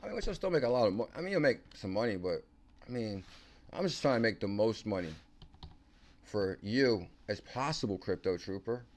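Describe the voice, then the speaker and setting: A man hosting a casual crypto livestream, excitable and slangy, talking to viewers by name. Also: fairly low pitch, fairly quick. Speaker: crypto channel host.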